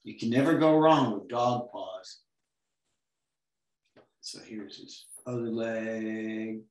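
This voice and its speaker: A man's voice: on the low side, slow pace, reverberant. Playful man teaching a comics class. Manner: playful, making silly sound effects while drawing. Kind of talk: online drawing lesson.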